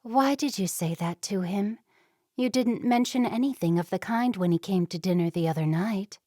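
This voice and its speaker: A woman voicing a kind young Amish woman in an audiobook, speaking softly and reassuringly. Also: mid-range voice, normal speed, dry recording, clean studio sound, close to an everyday voice. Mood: gentle.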